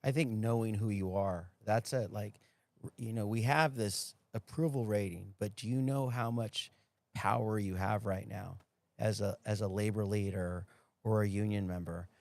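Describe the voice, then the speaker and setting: A man's voice: lowish voice, moderate pace, vocal fry, dry recording. A union leader, a man, telling stories and metaphors with energy on a podcast. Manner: animated storyteller, fond of metaphors. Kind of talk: storytelling in podcast conversation.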